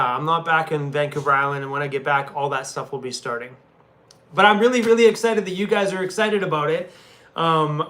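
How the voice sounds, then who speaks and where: A man's voice: on the high side, a bit bright. Chatty man on a casual live stream. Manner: chatty, laughs often, talks to his dog and viewers. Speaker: van-life vlogger on a live stream. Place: hotel room.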